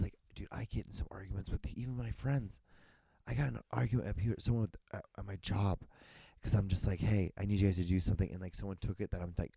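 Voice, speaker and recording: Young guy rambling on his solo podcast, swears a lot, lowish mellow voice. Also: gravelly, breathy edge, no echo. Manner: rambling, restarts often, swears casually. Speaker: podcast host.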